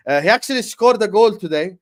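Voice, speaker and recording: A man hosts a casual football livestream, his voice sitting a little higher than usual for a man. He talks with hype and energy, padded with plenty of ums and uhs. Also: fast. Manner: energetic, hype-style announcing with frequent fillers.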